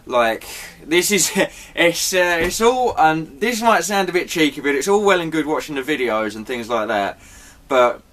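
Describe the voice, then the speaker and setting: A man's voice: a little high, animated, normal speed, few pauses, a bit bright. Apologetic rambling man. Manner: apologetic, chatty, swears, restarts takes. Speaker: vlogger. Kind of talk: rambling casual vlog update.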